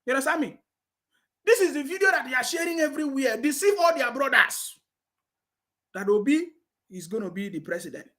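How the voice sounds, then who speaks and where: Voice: high voice, animated, fairly quick, pauses often, sharp tone. A commentator with a Nigerian accent, mocking his targets and laughing often as he talks. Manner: taunting, laughs often, repeats "you understand me". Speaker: political commentator.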